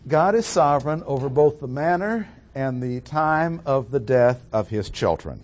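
A man delivers an expository sermon in a deliberate, measured way. He leans hard on the words he wants to stress and pauses with fillers between thoughts. His voice sits in an ordinary middle range. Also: medium pitch, animated, darkish tone. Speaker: preacher.

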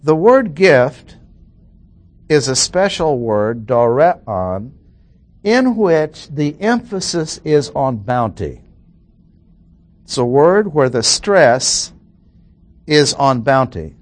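Slow, deliberate male Bible teacher. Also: mid-range voice, very animated. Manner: slow, deliberate explaining with repeated phrases. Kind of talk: verse-by-verse Bible lesson.

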